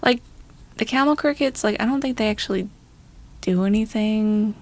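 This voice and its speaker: A young woman co-hosting a podcast tells a story in casual chat, rambling, swearing a lot, and laughing between phrases. Her voice is medium-pitched and her pace moderate.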